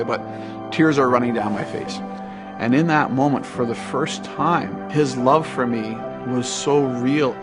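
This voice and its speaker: A middle-aged man giving an earnest, reflective personal testimony about his life. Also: medium pitch. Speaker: testimony speaker.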